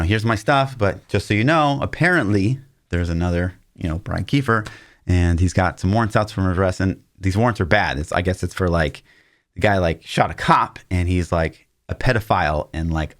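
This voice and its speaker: A podcast co-host in his thirties tells a long personal story in a deep, low voice. He talks casually and acts out what people said, sometimes jumping to a shout for their lines. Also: normal speed. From Missouri, US. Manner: animated anecdote-telling, acting out quotes with shouts.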